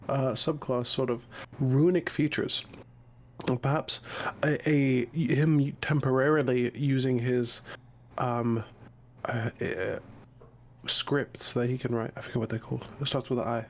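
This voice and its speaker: A man playing a tabletop game, talking haltingly while searching for words. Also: mid-range voice, steady tone, slight background noise. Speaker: player.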